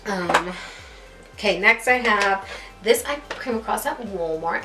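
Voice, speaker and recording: A woman's voice: medium pitch, measured pace, pushed and bright. A young adult woman chatting casually to camera as a beauty vlogger, rambling and laughing at herself. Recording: echoey room with faint music.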